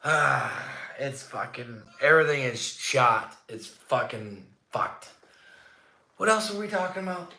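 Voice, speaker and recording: A man hosting a casual livestream from his home, ranting with heavy swearing and swinging from low grumbles to shouts. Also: expressive, takes it slowly, vocal fry. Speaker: livestream host. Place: indoor room at home, not the barn. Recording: echoey room.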